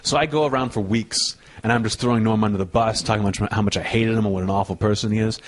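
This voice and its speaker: A man's voice: on the low side, fairly even intonation, quick pace. A man, a comedian guest on a talk show, telling brash, sardonic anecdotes in casual chat.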